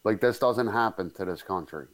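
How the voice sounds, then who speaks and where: A man's voice: lowish voice, normal speed. A man recounting a memory in casual conversation, rambling with many fillers and crude swearing. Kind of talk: casual storytelling.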